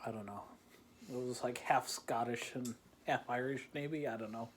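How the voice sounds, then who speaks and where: A man's voice: mid-range voice, normal speed, slight background noise. Rambling, self-mocking male host. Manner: rambling, self-deprecating, laughs often. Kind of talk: casual beer-tasting chat. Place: home in the Chicagoland area.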